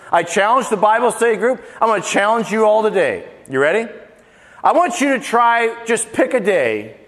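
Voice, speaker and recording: Folksy joking pastor in a reverberant church. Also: male voice, high voice. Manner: folksy and joking, lists items with playful emphasis. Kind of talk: casual, humorous sermon. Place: church sanctuary. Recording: long church-hall reverb.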